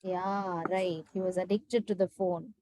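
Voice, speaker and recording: A woman teacher telling a story in an animated way to students on a video call, acting out the characters and often saying "like". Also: lowish voice, a little slow, low-quality recording. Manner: frequent "like" fillers.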